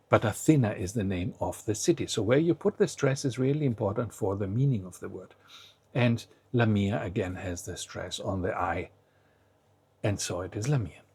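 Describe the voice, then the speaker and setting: A man with a husky, slightly rough voice, explaining a lesson in a patient, step-by-step way. He keeps pausing to invite the listener to try each word aloud first. The sound is dry and close, with no room around it. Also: mid-range voice, warm tone, dry recording. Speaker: language teacher.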